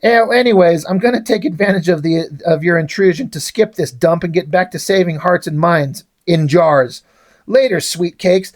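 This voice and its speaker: A man's voice: high voice, normal speed, natural voice. A man voicing a mocking male demon while reading a comic aloud, in a taunting, lightly acted way.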